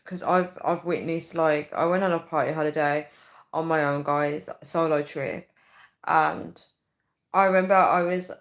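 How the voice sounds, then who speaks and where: A woman in her thirties hosts a casual livestream in a low voice, chatting and rambling and frequently addressing her viewers as "guys." The recording quality is poor.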